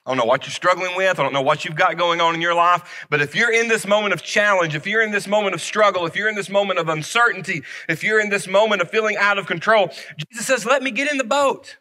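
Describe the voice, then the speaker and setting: A man preaching a sermon as pastor, repeating key phrases and swinging from loud emphasis down to a soft, near-whispered delivery. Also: sits high, quick pace, hardly any pauses.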